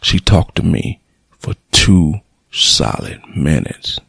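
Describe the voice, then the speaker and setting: A man's voice: a bass voice, very animated, slow pace, vocal fry, fairly bright tone, husky, no room sound, studio quality. A middle-aged man, a radio show host, telling a personal story in a plainspoken, emotional way, blunt and cursing at times.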